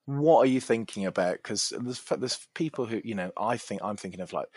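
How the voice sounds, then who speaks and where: A man's voice: lowish voice, expressive, normal speed, darkish tone, husky, no echo, studio quality. A man hosting a casual podcast interview, asking rambling, self-correcting questions. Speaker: podcast host.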